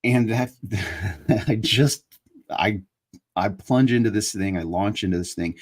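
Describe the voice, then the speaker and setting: Husky low-voiced man, earnest live chat. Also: slow pace, long pauses. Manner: earnest and emphatic, building into preaching. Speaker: online show host. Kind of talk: casual live chat with religious reflection.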